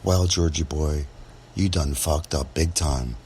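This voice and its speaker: A man's voice: rumbling low, slow, darkish tone, a little hiss or hum, heavily acted. A man voicing a blunt, drawling female office receptionist in a true-life podcast story. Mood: blunt warning. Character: blunt middle-aged woman office receptionist.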